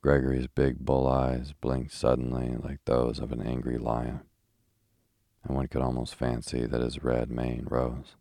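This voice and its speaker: Very deep, gravelly male narrator. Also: no room sound, clean studio sound. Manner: even, measured delivery. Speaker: audiobook narrator. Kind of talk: slow rhythmic bedtime reading.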